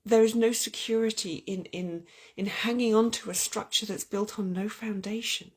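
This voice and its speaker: A woman's voice: mid-range voice, steady tone, moderate pace, slightly rough. A woman hosting an earnest, heartfelt spiritual chat about love and oracle cards, often restarting her sentences. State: getting weepy. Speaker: spiritual channel host.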